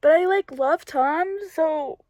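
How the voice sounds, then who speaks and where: This book vlogger is a young woman with a high-sitting, slow, slightly mellow voice, recorded with no room sound. Reacting to a book in a casual reading vlog, she alternates between gushing and exasperation, laughing and ranting along the way.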